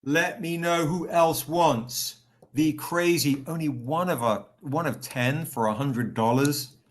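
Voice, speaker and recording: On a live stream, a male host greets viewers by name and promotes comic editions in a relaxed, cheerful manner. He sounds worn out and mentions that he's recovering. His pace is normal and his tone fairly bright.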